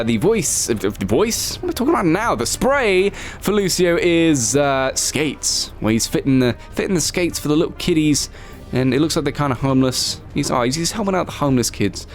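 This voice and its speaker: A man giving casual, excitable commentary as a gaming YouTuber. He swears freely and jokingly scolds himself as he talks. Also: on the high side, moderate pace, soft background music.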